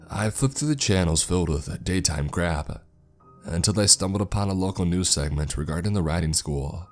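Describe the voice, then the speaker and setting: A man narrating a first-person horror story in a slow, somber, scripted way. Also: low voice. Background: faint background music.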